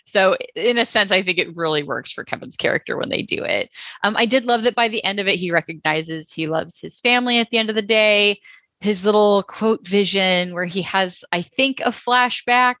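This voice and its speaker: A woman co-hosts a podcast with a bright, forceful voice, chatting casually about a show. She rambles, hedges and fills with "like" and "you know." The recording is dry and a little dull. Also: medium pitch, moderate pace, dry recording. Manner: chatty, rambling with many fillers. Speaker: podcast co-host. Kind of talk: casual TV review chat.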